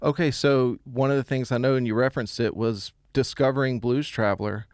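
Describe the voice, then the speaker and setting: A man's voice: medium pitch, fairly even intonation, fairly quick, dry recording, studio quality. A man hosting a podcast, asking his guest short questions and reacting briefly. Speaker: podcast host. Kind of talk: interviewing a guest.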